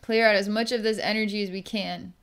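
A woman with a smooth, clear voice talks through a psychic healing vision. She pauses, restarts and gropes for words as she describes what she sees, speaking in the easy manner of someone thinking aloud. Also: medium pitch, steady tone. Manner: halting, searching, describes visions as they come. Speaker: psychic healer. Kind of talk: narrating a distance healing vision.

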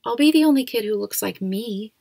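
A woman's voice: fairly high pitch, expressive, fairly quick, gravelly, warm tone, no echo, voice pushed up. Casting: female narrator doing a reluctant, sulky ten-year-old boy. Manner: sulky, stubborn.

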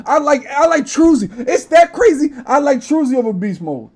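A man's voice: very high-pitched, big pitch swings, moderate pace, a little mellow. A young man hosting a casual gaming podcast, talking brash, profane trash talk. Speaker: podcast host.

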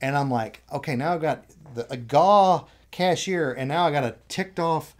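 A man telling an anecdote in casual chat, annoyed, animated, acting out what people said. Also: fairly high pitch, normal speed. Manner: animated retelling, acts out quotes.

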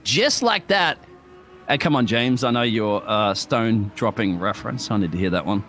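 A man commentating a live sim race, chatty and bantering with his co-host and bursting into excited calls. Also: lowish voice, moderate pace, soft background music. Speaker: lead commentator.

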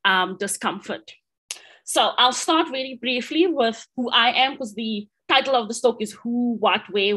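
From a home or office in Amsterdam, a South African woman with a South African accent gives an online astronomy seminar. Her voice is mid-range and a bit bright, and her delivery is upbeat and friendly, though marked by frequent ums and restarts.

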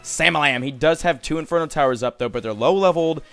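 Excitable young man commenting on gameplay. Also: fairly high pitch, fast talker. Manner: excitable, swears, gets frustrated at the game. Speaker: gaming commentator.

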